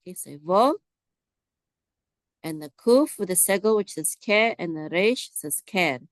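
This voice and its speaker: A woman teaching biblical Hebrew word by word, slowly sounding out letters and asking listeners to repeat after her. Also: on the low side, animated, no echo. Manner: slow, drawn-out repetition, prompting listeners to say words back. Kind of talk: slow, patient word-by-word Hebrew lesson.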